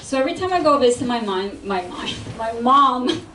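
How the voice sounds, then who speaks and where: A woman's voice: on the high side, animated, normal speed, background noise. A woman trying out a stand-up bit in a comedy class, playful and laughing at herself. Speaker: comedy student. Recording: echoey room, mic far off.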